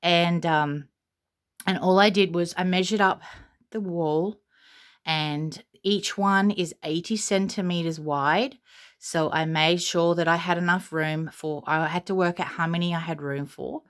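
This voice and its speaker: An Australian woman talks her way through a casual tour of a nursery at home. Her voice sits a little low, and she gushes softly and rambles with plenty of fillers. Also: fairly even intonation, unhurried, smooth. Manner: soft-spoken, gushing, rambling with fillers. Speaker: vlogger.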